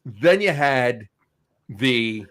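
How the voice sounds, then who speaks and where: A man's voice: mid-range voice, lively intonation, extremely slow, a bit bright. A man hosting a casual chat, telling stories and rambling with restarts. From New Jersey. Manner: rambling, many fillers and restarts, tells stories. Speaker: host.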